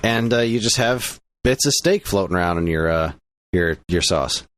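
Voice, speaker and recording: A man's voice: low voice, normal speed, fairly bright tone, no echo, studio quality. A man from the United States co-hosting a casual podcast, rambling along with plenty of fillers and restarts. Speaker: podcast co-host.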